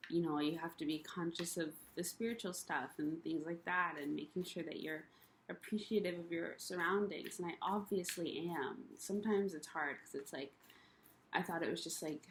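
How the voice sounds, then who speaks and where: A young woman vents her frustrations to camera in a personal vlog, her voice low and dark. Emotional and worn down, she rambles, circles back, and leans heavily on ums and you-knows, with a faint hiss beneath her speech.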